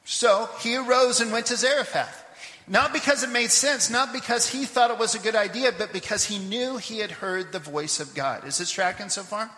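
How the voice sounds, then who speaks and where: A man preaching a sermon, telling a scripture story in a lively way with asides to the congregation; he grew up in Papua New Guinea. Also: high voice, normal speed, echoey room, long reverb tail. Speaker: pastor. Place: church sanctuary.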